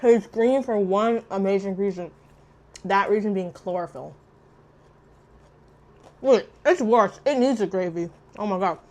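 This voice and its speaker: A young woman chatting casually while eating on camera, loud and profane, jumping between shrieks and low mutters. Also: a little slow, pauses often. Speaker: mukbang vlogger. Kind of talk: casual eating vlog chat.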